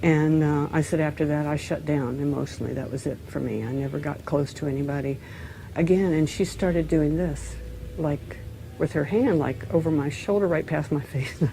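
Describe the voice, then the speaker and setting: A woman's voice: low voice, fairly even intonation, normal speed, warm tone, slight background noise, low-quality recording. An older woman sharing a heartfelt, tearful personal story in an interview.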